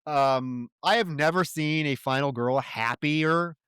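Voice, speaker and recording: Smooth-voiced, exasperated male podcast host. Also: a little high, slow, fairly bright tone, dry recording, studio quality. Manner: profane, exasperated, mocks characters' lines. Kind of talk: casual film review chat.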